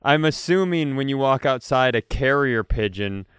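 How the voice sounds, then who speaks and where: Smooth-voiced, teasing male co-host. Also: mid-range voice, lively intonation, moderate pace, fairly bright tone, no room sound, studio quality. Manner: rambling, teasing, musing tangents. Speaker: podcast co-host. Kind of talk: casual comedic chat.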